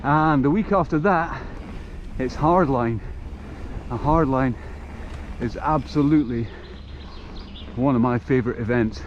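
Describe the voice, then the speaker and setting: A middle-aged man vlogs casually while riding a mountain bike trail outdoors, chatty and poking fun at himself. His mid-range voice moves at a measured pace with frequent pauses. The sound is dull and lo-fi, with faint outdoor noise.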